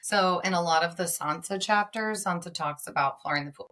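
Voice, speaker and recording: Podcast co-host, woman, lower-pitched, bright and forceful tone, animated retelling. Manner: animated, quick retellings of scenes with lots of fillers. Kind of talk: casual chat recapping a TV episode.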